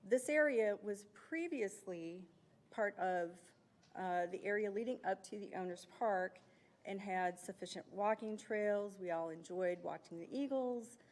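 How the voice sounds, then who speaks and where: Measured woman at a public podium. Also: medium pitch, a little mellow. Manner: measured, slightly halting with fillers. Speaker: resident giving public comment. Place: county meeting chamber.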